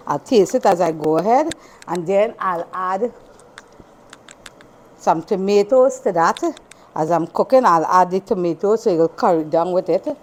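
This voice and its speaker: A woman's voice: medium pitch, darkish tone. A woman from Trinidad with a Trinidadian accent, hosting a casual cooking demonstration in a home kitchen. She chats as she works and repeats phrases, with a slightly irritated throat that makes her cough now and then. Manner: chatty, repeats phrases, talks while working. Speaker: cooking channel host.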